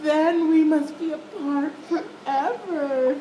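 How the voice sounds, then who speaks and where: A woman voicing a gentle, worried male elephant who frets and sneezes theatrically, in a storybook read-aloud. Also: high voice, takes it slowly, voice pushed up. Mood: dramatic. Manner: fretful, with big theatrical sneezes. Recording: echoey room with background noise.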